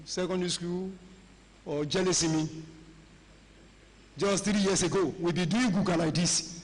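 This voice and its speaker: A middle-aged Nigerian man preaches with a fairly high voice that carries through a big church hall, its long reverb trailing after his words. He talks to the congregation in a loose, chatty way, mixing in pidgin and Yoruba phrases. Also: steady tone, measured pace. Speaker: pastor. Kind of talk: sermon.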